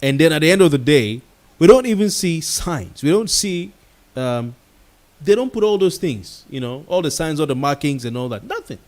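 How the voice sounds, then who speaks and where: A man's voice: a little high, big pitch swings, normal speed, darkish tone. A Nigerian-accented man hosting a late-night talk show, giving a heated commentary monologue with pidgin words mixed in. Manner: passionate and ranting, mixing pidgin words.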